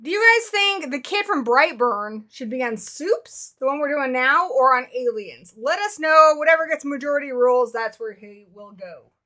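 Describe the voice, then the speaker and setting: A woman's voice: high voice, expressive, moderate pace, hardly any pauses, pushed and bright. A woman hosting a livestream in a casual, chatty way, talking straight to her viewers and laughing easily. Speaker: livestream host. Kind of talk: casual live chat.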